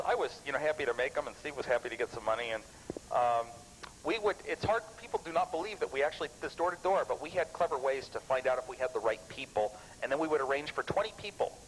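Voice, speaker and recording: A man in his thirties giving an animated, rambling talk of anecdotes to a live club audience, often restarting his sentences. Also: a little high, slight background noise, low-quality recording. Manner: lively storyteller, animated and chuckling. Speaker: guest speaker at a computer club.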